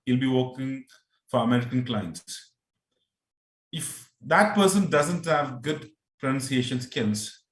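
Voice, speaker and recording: Indian man speaking in a roomy echo. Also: medium pitch. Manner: hesitant, restarts with "I mean". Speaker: guest speaker. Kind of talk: answering questions in a webinar.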